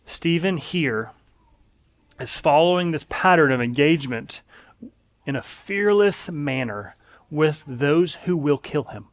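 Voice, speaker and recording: A man's voice: on the high side, animated, slow pace. A man preaching a sermon in an earnest, emphatic way, leaning on repeated phrases.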